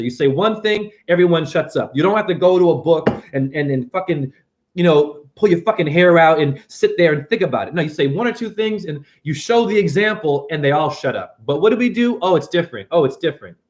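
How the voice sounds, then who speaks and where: Middle-aged man, slightly high voice, self-styled teacher; rambling, cursing, preachy monologue. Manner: fast, profane, preachy, swinging loud and soft.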